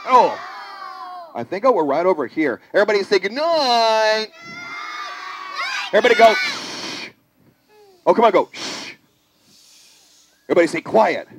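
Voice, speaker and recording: Animated puppeteer leading a children's audience. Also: medium pitch, normal speed, pauses often, breathy edge, some chatter behind, rough recording. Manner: animated, calls on the audience to join in. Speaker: puppeteer playing the zookeeper. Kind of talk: live children's puppet show. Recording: live show with audience and music.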